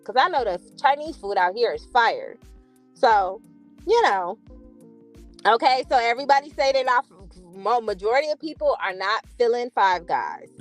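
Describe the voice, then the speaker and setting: A woman from chats casually, her voice pitched a little high clear. She is animated and expressive, swearing freely as she reacts to viewers, and faint music plays underneath. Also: moderate pace. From California. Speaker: livestream host reading chat. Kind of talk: casual chat.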